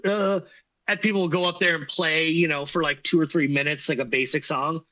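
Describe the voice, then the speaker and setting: Bright, rambling man on a dull mic. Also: a little high, fairly even intonation, brisk. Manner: rambling, filler-heavy, self-deprecating. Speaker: podcast co-host. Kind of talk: casual storytelling chat.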